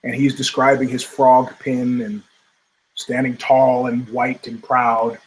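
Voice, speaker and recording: Slow and mid-range with a breathy edge, this older man's voice hosts a talk show. The podcast host rants casually and with plenty of profanity, animatedly impersonating the people who turn up in his stories.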